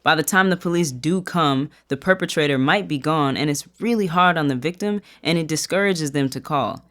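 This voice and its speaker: Measured, explanatory advocate in an interview. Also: mid-range voice, fairly bright tone. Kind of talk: recorded interview clip.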